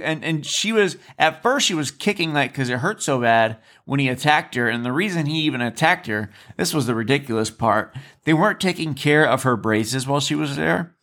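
A man's voice: a little high, fairly bright tone. A man telling stories on a podcast in a casual, earnest way, repeating himself and restarting sentences. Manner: earnest, repetitive, with frequent restarts. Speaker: podcast guest, former resident. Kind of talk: casual conversational storytelling.

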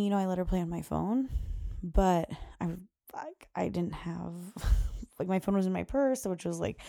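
A woman's voice: fairly low pitch, vocal fry, warm tone, no echo, studio quality. A young woman hosting a motherhood podcast, telling a story in a chatty way full of "like" and acted-out quotes. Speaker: podcast host. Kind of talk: casual storytelling chat.

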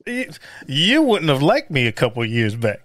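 A man's voice: medium pitch, wildly swooping pitch, normal speed, over a noisy crowd. A man hosting an interview, speaking easily and thinking aloud with fillers as he shares stories about his daughters. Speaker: podcast host. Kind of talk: casual interview.

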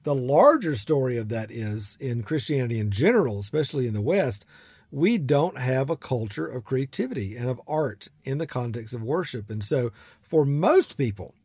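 A man's voice: mid-range voice, big pitch swings, moderate pace, slightly rough, no echo. A man from South Georgia with a Southern accent, hosting a podcast from his studio in a chatty, rambling way. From South Georgia, USA. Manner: warm, chatty, rambling with fillers and laughs. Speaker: podcast host and artist mentor. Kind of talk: casual podcast chat. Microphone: studio microphone.

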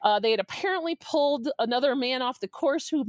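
Forties woman guest, pitched a bit high, spins an animated anecdote, laughs, acts out dialogue. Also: a little fast, background noise. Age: 40s. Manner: lively, laughing, acts out quotes with big pitch jumps. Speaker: podcast guest. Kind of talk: animated storytelling.

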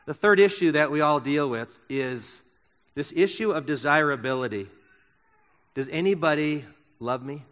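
A male pastor delivers an impassioned sermon with a bright, forceful voice that sits a little high. He leans hard into key phrases, then slows and softens to draw listeners in. The sound carries the long reverb of a big church hall. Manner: impassioned preaching, swinging from loud emphasis to soft and slow. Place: church sanctuary.

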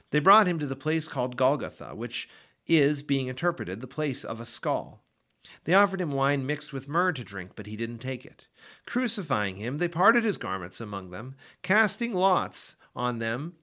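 A man reading scripture aloud for a daily Bible podcast, with an expressive, dramatic delivery. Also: mid-range voice. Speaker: Bible reader.

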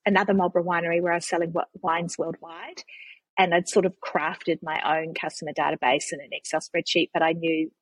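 Chatty New Zealand woman guest, husky low voice, dry close sound. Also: flat delivery, fairly quick, no room sound, poor audio. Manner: chatty storyteller with frequent restarts and laughs. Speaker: guest, charity CEO. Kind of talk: casual conversational interview.

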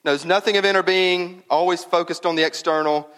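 Man preaching with lively, emphatic delivery. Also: high-pitched, fairly quick, big-room sound. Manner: conversational, emphatic, repeats words for stress. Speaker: pastor. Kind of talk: sermon. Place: church.

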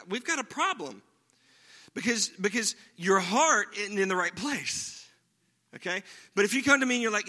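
A man's voice: sits high, sing-song, normal speed, bright, forceful tone. A man preaching a sermon in a conversational way, often checking in with his listeners by asking "right?". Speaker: pastor.

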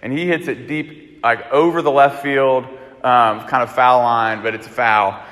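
A man's voice: medium pitch, measured pace. A man from Alabama preaching a sermon, telling a personal story in a loose, conversational way. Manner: conversational storytelling, animated and chatty. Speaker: pastor. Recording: echoey hall.

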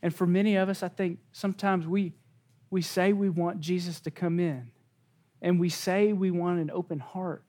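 Man, high-pitched, pastor, sermon, earnest, emphatic, repetitive phrasing. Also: fairly even intonation, moderate pace, dark tone.

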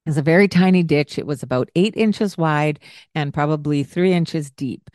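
A woman's voice: low voice, moderate pace, dry recording, studio quality. A woman hosting a parenting podcast, telling a story from her time caring for a young child and acting out what each of them said. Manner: animated, acts out what she and the child said. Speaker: podcast host and childcare provider. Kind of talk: casual storytelling with parenting advice.

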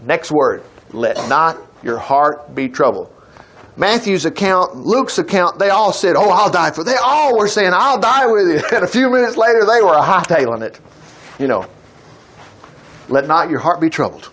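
A man's voice: a little high, a little slow, a little hiss or hum. A man preaching a casual, folksy sermon, acting out the people he quotes. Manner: folksy, animated, acts out quotes.

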